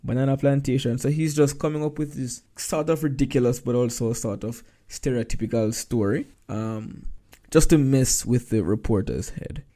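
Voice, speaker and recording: A man's voice: mid-range voice, normal speed, mellow. A male teacher walking through exam answers, reading passages aloud and explaining them.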